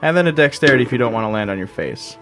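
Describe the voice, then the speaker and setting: A man's voice: medium pitch, animated, rapid-fire, a bit bright. A man running a tabletop game as game master, casual and swearing freely. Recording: podcast with background music.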